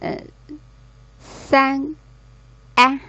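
A woman's voice: sits high, level tone, very slow, bright, forceful tone, no room sound. A woman student carefully repeating vocabulary words one by one in an online pronunciation drill. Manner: careful, repeats each word. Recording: muffled online call audio.

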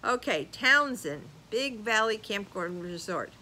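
An older woman vlogger chatting casually as she reads viewer comments aloud, animated and laughing often. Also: medium pitch, a little slow, a little hiss or hum, low-quality recording. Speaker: YouTube vlogger. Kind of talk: casual chat reading comments.

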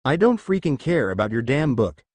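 A man's voice: mid-range voice, sing-song, normal speed, no echo. Man voicing a brash young ninja boy. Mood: angry. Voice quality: shouty, brash. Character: hot-headed teenage boy ninja. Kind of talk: fan fiction audiobook reading.

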